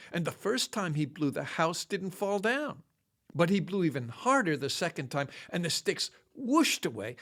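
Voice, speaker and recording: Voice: medium pitch, fairly bright tone. A storyteller reading a children's storybook aloud, acting out the action words with expression.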